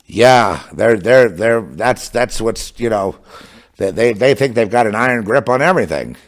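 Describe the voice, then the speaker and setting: A man's voice: on the low side, animated, normal speed. A man delivering an impassioned religious monologue, fervent and sarcastic, with bursts of scornful laughter. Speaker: religious commentator.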